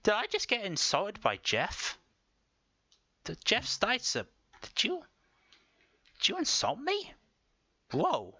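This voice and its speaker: A man's voice: sits high, huge pitch swings, slow pace, pauses often, sharp tone, breathy edge, no room sound, dull audio. A man giving casual commentary over his own gameplay, joking and mock-dramatic, talking to himself as he plays. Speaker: gaming video host. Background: game music.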